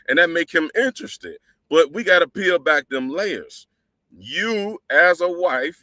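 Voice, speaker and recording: Male livestream preacher, casual but emphatic, with a sharp tense tone and a dry recording. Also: fairly high pitch, dry recording. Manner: lecturing, addresses women directly and emphatically; quotes and explains Arabic scripture. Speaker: religious livestream host.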